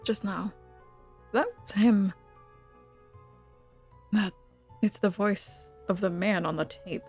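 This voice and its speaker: A woman's voice: medium pitch, slow, a little mellow, soft background music. A woman streaming a game, chatting casually with her viewers in a teasing, giggly way and reading the game's text aloud. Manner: teasing, giggly banter with chat.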